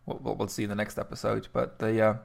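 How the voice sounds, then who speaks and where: A man's voice: fairly low pitch, little pitch movement, quick pace, vocal fry. A man co-hosting a casual podcast about sonnets, dry and self-mocking, often stumbling over his first words. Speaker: podcast co-host.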